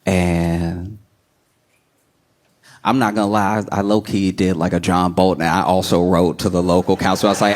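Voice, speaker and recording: Animated male stand-up comedian. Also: low-pitched, noisy background. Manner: animated storytelling, acting out quick voices.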